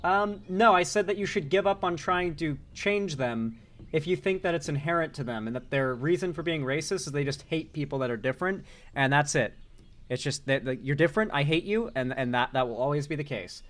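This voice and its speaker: Chatty male stream host, high voice. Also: fairly quick, a bit bright. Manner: laughs often, loose and chatty, reads out viewer donations. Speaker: live-stream commentary host. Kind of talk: casual live-stream commentary.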